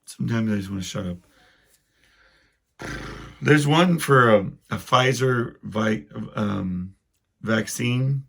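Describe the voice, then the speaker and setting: A man's voice: medium pitch, slow, vocal fry, pauses often, fairly bright tone, breathy edge. A man hosting a solo podcast, rambling casually through wry, self-deprecating complaints. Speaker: podcast host.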